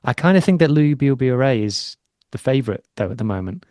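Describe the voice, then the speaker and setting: A man co-hosting a casual podcast, chatty and a little self-deprecating. His voice sits at a middle pitch, and the recording is dry and close. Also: expressive, fairly quick, darkish tone, dry recording. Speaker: podcast co-host. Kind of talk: casual chat.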